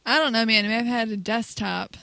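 A woman's voice: fairly high pitch, fast talker, gravelly, bright, forceful tone, no echo. A woman co-hosting a podcast, answering questions in casual, good-humored, self-deprecating chat. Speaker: podcast co-host.

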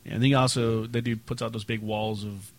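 A man co-hosting a casual gaming podcast, jokey and quick to throw in yelled bits. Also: little pitch movement. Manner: jokey, does squeaky character yells. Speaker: podcast co-host.

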